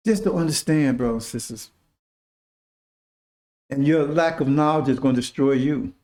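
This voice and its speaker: A man's voice: medium pitch, normal speed, pauses often, a little mellow. A man preaching informally to his followers, talking emphatically in casual street slang and often asking "See?". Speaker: religious teacher.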